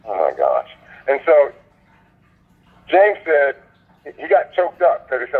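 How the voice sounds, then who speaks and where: A man's voice: mid-range voice, huge pitch swings, a little slow. A man hosting a conference call, speaking in a fervent, preacher-like way and repeating his points for emphasis. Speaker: host of a sales conference call. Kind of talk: motivational preaching. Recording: phone line.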